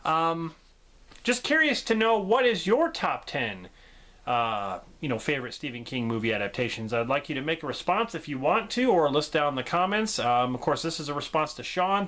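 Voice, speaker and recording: A man's voice: a little high, fairly bright tone. A man giving a casual, enthusiastic movie review for his channel, gushing and laughing often.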